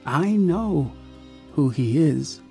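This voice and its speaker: A weary young woman, as a male reader puts her on, lifted slightly above his own pitch. She speaks softly and low-key, resigned, in a slow storybook reading. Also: expressive, gravelly, faint music behind, heavily acted.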